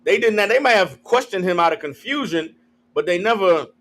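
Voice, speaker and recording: A man with a notably high voice leads a Bible lesson in loose street slang. He keeps checking in with the listeners and waits for their answers. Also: animated, brisk, a bit bright. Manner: call-and-response with the room, slangy, acts out quotes. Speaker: teacher. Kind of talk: street-style Bible teaching.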